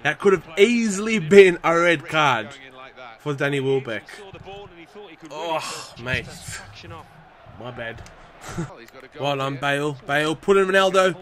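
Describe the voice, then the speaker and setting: A young man commentating his own football video game match, animated and slangy, shouting at the play. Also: on the high side, slow pace, pauses often. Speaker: gaming YouTuber.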